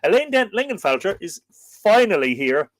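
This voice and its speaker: A man's voice: high voice, sing-song, moderate pace, dry recording. A man with an Irish accent hosting a casual live stream, playfully reading out and answering viewer comments. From Ireland.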